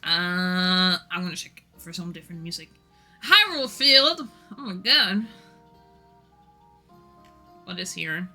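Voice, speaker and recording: A woman's voice: on the low side, slow, long pauses, sharp tone, faint music behind. A Norwegian-speaking woman streaming casually, rambling and giggling often while chatting to viewers. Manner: giggly, rambling, self-deprecating.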